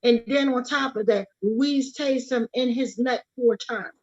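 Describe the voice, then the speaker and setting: A woman's voice: fairly high pitch, unhurried. A woman speaking urgently and emphatically as an activist, repeating her key words for force. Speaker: activist speaking about her brother's death. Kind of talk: impassioned speech at a livestreamed rally. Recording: lo-fi livestream audio.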